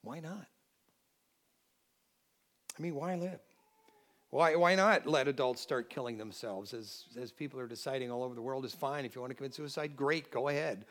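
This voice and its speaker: A man from the United States preaching a Christmas sermon, animated, swinging between loud exclamations and quiet asides. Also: medium pitch, moderate pace, long pauses.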